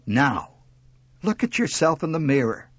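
A man voicing a frantic, bossy middle-aged mother who barks sharp commands. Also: fairly high pitch, very animated, a little slow, slightly rough, no echo, full character voice. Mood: brisk. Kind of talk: storytelling.

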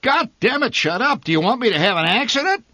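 Man voicing a cranky storybook dad who yells and curses, husky, dry. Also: medium pitch, very animated, normal speed, no echo, full character voice. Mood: bellowing. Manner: bellowing, scornful, cursing. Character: gruff hot-tempered middle-aged father.

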